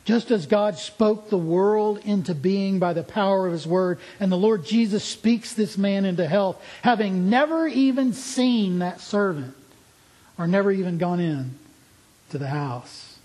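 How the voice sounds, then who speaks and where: A man's voice: high voice, lively intonation, a little slow, warm tone, poor audio. A man preaching a sermon in an earnest, emphatic way, asking his listeners pointed questions.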